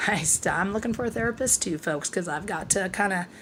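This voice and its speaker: A middle-aged woman vlogger talks frankly and confidingly to her audience in a medium-pitched, slightly bright voice, speaking fairly quickly. She sounds out of breath and worn, swears freely, and keeps trailing off mid-thought before starting again. There's a faint hiss or hum in the recording.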